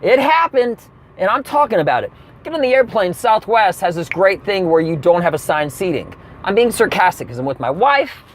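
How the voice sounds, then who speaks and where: A man with a high, lively voice tells a comedy rant while sitting in his car. He swings his pitch all over and acts out the people in his story. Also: a little fast, slight background noise. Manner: animated storytelling with acted-out quotes.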